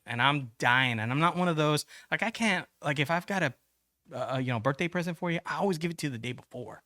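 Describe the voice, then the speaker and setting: A man's voice: a little high, fast talker, bright, forceful tone, dry recording. A man rambles through a personal story, stacking fillers and restarts and swearing freely. He jumps into other people's voices as he retells the scene. The sound is dry and close, with no room around it. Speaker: podcast guest. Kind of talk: casual storytelling.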